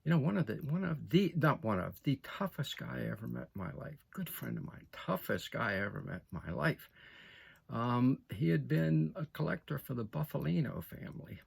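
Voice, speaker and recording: Older male commentator, gravelly and husky, emphatic and repetitive. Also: mid-range voice, expressive, normal speed. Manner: emphatic, repeats phrases, asks "okay?". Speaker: political commentator. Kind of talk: opinion monologue to camera.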